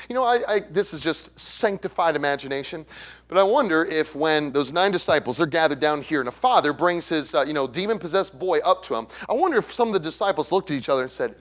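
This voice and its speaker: A man's voice: on the high side, big pitch swings, brisk, fairly bright tone. A man preaching an evangelistic sermon in a church, who asks the congregation questions and acts out the voices of others. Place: church sanctuary.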